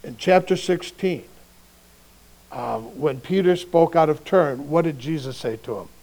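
A male pastor preaching a sermon in a conversational way, swinging between quiet reflection and emphatic bursts. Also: on the high side, a little slow, vocal fry, low-quality recording.

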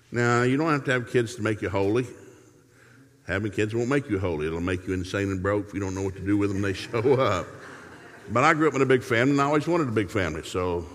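A man's voice: lowish voice, a bit bright, in a large hall. A middle-aged man preaching a humorous sermon in a folksy, joking way, telling stories from his family life.

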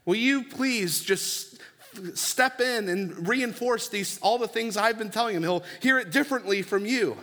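A man's voice: a little slow, bright, forceful tone, big-room sound. A man voicing a distraught, pleading mother. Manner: pleading, anxious, raised pitch. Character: distraught pleading mother, middle-aged woman.

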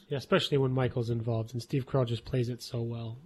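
A man co-hosting a casual podcast, cracking dry jokes and pausing often with "uh". His voice sits at a middle pitch and stays conversational. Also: steady tone, a little mellow. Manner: joking, hesitant with many uhs. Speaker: podcast co-host. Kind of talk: casual chat.

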